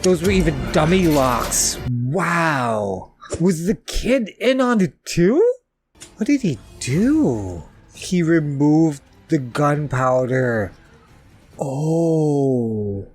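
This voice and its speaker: A man giving casual, expressive commentary while watching a movie for the first time, swearing and laughing along. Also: on the high side, drawn-out words, slightly rough, soft background music. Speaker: movie reactor. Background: film audio playing faintly.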